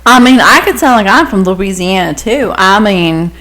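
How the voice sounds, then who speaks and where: A woman's voice: mid-range voice, expressive, normal speed, fairly bright tone. A woman co-hosting a podcast in casual chat, blunt and teasing, swearing now and then. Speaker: podcast co-host.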